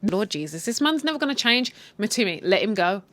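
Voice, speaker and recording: Blunt, animated woman recapping a show. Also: medium pitch, fairly quick. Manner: animated and blunt, swears freely. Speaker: channel host recapping a TV series. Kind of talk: casual story recap.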